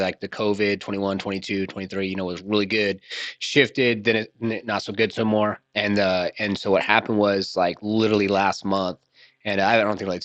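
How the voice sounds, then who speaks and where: Low-voiced man telling a rambling story. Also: fairly bright tone, dry recording. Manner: loose, rambling storytelling with frequent swearing and slang. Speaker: podcast host. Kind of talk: casual podcast conversation.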